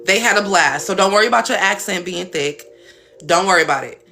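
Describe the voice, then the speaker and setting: A woman's voice: fairly low pitch, lively intonation, brisk, bright, forceful tone, faint music behind. A woman hosting a live stream as a spiritual coach, talking casually and bluntly with some cursing. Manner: blunt, chatty, swears casually.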